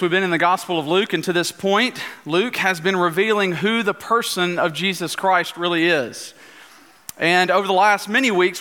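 A male pastor giving an earnest sermon in a church, at times slowing into a hushed prayer. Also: high voice. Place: church sanctuary. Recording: church hall reverb.

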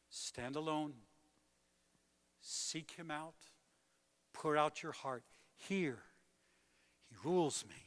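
An older man delivers a sermon, his voice moving from hushed and close to loud and declaring. His voice sits a little high for a man. The sound rings out with the long reverb of a large hall. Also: expressive, unhurried. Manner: dramatic swings from hushed to booming. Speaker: pastor.

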